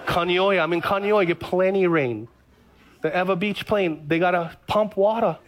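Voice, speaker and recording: A man's voice: high-pitched, moderate pace, background noise. A middle-aged man preaching a conversational radio sermon, telling stories with lots of repetition. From Hawaii. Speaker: pastor.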